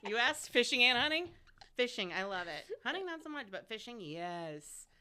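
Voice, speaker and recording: Woman, 40s, lively frank storyteller, very animated pitch, smooth resonant voice. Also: normal speed. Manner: lively storyteller, frank and profane, laughs often. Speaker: guest radio host. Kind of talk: casual chat.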